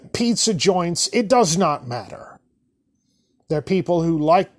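A man hosting his own podcast, telling self-deprecating comic stories in an animated, drawn-out way. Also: on the high side. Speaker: podcast host. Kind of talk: comedic storytelling.

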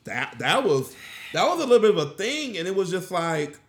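Animated storytelling man in an echoey room. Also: high-pitched, a little fast. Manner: animated storyteller who acts out quotes. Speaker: podcast host and real estate agent. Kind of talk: casual conversational interview.

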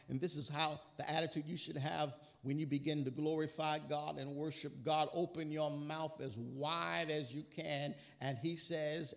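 A man preaching a sermon, quoting scripture with rising, emphatic bursts and casual asides. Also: fairly high pitch.

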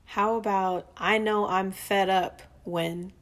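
A woman hosting a podcast, guiding her guest calmly and affirming often. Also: mid-range voice, slow. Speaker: podcast host.

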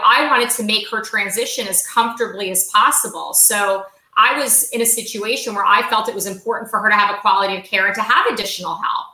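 Bright-voiced middle-aged woman, echoey room. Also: on the high side. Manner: emphatic, repeats key phrases. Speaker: podcast guest. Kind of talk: interview answers.

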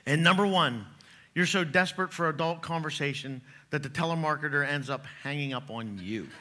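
Bright-voiced joking pastor, a man. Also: a little high, brisk, a little hiss or hum. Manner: joking and chatty, laughs at own jokes. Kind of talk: sermon with jokes.

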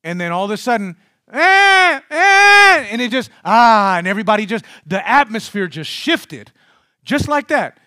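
A man preaching with a high, bright, ringing voice. He swings from loud, soaring calls down to hushed near-whispers. The sound is dry and close. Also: expressive, moderate pace, dry recording. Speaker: pastor. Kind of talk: sermon.

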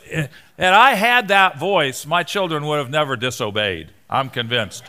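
A man preaching a sermon in a church, animated and conversational, joking with the congregation. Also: a little high, a little slow, few pauses, clean tone. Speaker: preacher, Bible teacher.

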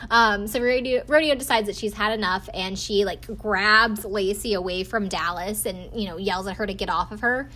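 A woman's voice: medium pitch, normal speed, pushed and bright, a little hiss or hum. A woman hosting a podcast, chatting casually as she recaps a show, her talk full of "like" and "um" fillers. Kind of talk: casual chat.

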